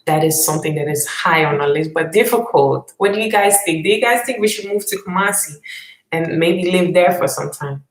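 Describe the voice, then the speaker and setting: Woman vlog host on a live stream; low, creaky voice in a roomy space, chatty and unhurried. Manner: thoughtful, hesitant, many fillers. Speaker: vlog host answering live chat questions. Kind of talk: casual live-stream chat.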